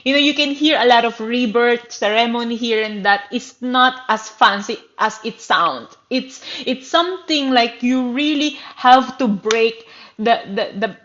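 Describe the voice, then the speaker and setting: A woman in her thirties with a Filipino accent talks to viewers in a personal livestream. Her voice sits fairly high, and she speaks earnestly, with feeling, pausing and restarting as she hunts for words. The sound is a little dull and muffled. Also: a bit bright. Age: 30s. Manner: earnest, emotional, halting and searching for words. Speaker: livestream host.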